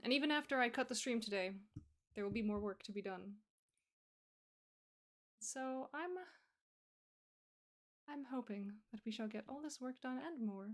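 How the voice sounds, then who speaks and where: Sleepy, high-voiced woman streamer. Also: a little fast, fairly bright tone. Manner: rambling, answering chat. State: sleepy, yawning. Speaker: artist streamer. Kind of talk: casual live-stream chat.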